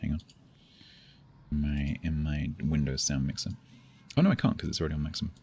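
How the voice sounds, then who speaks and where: A man's voice: a bass voice, little pitch movement, fairly quick, gravelly, darkish tone, a little hiss or hum. A man, coaching a newer player during a casual game stream and explaining step by step. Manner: explains patiently, restarts and searches for words. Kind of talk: casual gaming stream chat.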